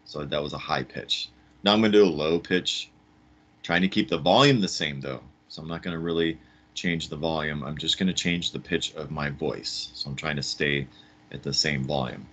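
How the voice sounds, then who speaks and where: A man's voice: extremely low pitch, moderate pace, fairly bright tone. A man teaching a science lesson for kids in a chatty, upbeat, demonstrating way.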